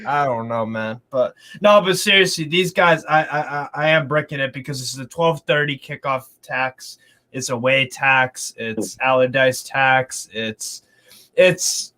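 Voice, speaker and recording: A man talking casually about football as a fan on a panel, animated and repeating words as he goes. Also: on the high side.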